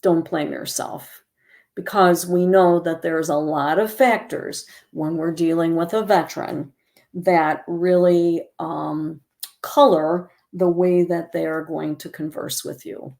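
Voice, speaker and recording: A woman presenting a calm educational talk on caregiving, modeling gentle phrases to use with loved ones. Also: on the low side, slow pace, creaky.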